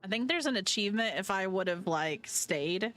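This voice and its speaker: A woman's voice: mid-range voice, animated, moderate pace, fairly bright tone. A woman streamer reading a visual novel aloud live, chatting and reacting between lines. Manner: chatty, reacting as she reads.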